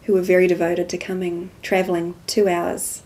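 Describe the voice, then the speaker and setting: A woman speaks as an interview guest, telling a personal story in a low, fairly even voice. Her tone is mellow and soft-spoken. She recounts events as a spiritual testimony. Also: moderate pace. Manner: soft-spoken storytelling, acts out quoted dialogue.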